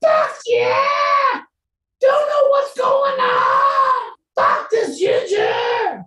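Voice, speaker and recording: A man putting on a squeaky voice as he shouts mocking remarks from away from the mic. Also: very slow, roomy sound, far from the mic, slight background noise, heavily acted, low-quality recording.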